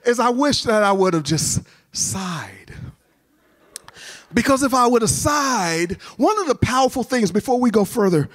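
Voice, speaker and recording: Speaking with a very high-pitched voice at a measured pace, this man pauses often. He's delivering a sermon in a college chapel, recounting a humorous personal story with lively energy and performing the voices of its characters.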